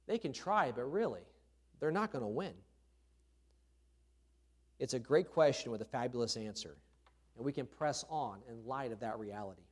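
A man's voice: mid-range voice, animated, moderate pace, long pauses, a little mellow, husky. A man preaching a sermon from the pulpit in a conversational way, repeating his key phrases. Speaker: pastor. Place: church.

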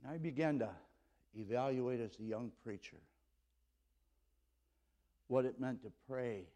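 A middle-aged man preaching a sermon as pastor, telling a story and swinging between loud exclaiming and low earnest tones. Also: unhurried, pauses often. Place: church.

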